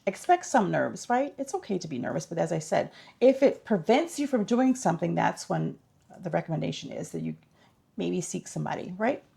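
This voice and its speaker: A woman's voice: lowish voice, big pitch swings, fairly quick, vocal fry, dark tone, slightly rough. A woman vlogger giving casual tips in an upbeat, chatty, instructive way.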